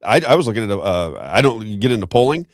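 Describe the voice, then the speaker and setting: A man's voice: lowish voice, very animated, dry recording, studio quality. An American man hosting a political talk show, giving emphatic, unscripted commentary and repeating his points. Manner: fast, emphatic, repeats himself.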